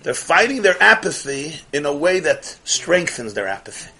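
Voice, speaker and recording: A man teaching a Chassidic lecture in English, mixing in Yiddish and Hebrew terms, swinging from loud outbursts to near-whispers. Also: fairly high pitch, big pitch swings, moderate pace, gravelly, over a noisy crowd. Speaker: Torah teacher.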